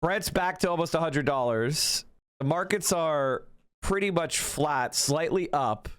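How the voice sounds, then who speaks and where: A man's voice: a little high, a little slow, fairly bright tone, smooth. A man streaming live, reading out news and reacting with sarcastic commentary, swearing freely. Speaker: political streamer.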